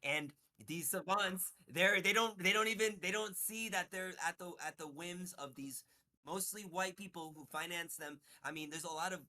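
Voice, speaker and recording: Stammering, bright-voiced man talking. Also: sits high. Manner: halting, stammering restarts, profane, heated. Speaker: interview guest. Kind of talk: casual chat.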